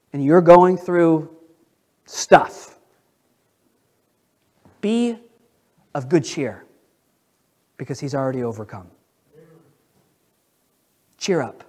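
A middle-aged male pastor preaching a sermon in a conversational way, dropping to a hush and then building to loud, emphatic stretches. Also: a little high.

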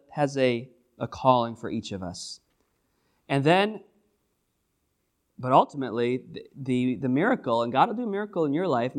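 A man preaching a sermon, reading scripture and then retelling it in casual, animated paraphrase. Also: medium pitch. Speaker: pastor.

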